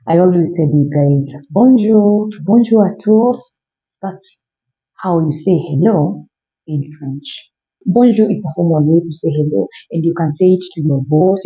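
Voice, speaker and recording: A man's voice: a little high, dark tone. A young man teaching basic phrases in a casual vlog, friendly and repetitive, calling his viewers guys. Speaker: language vlogger teaching French. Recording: dull lo-fi audio.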